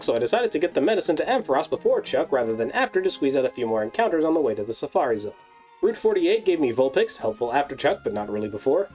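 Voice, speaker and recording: Fast, animated man narrating a game recap. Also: a little high. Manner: sarcastic, wry asides. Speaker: video host. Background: faint background music.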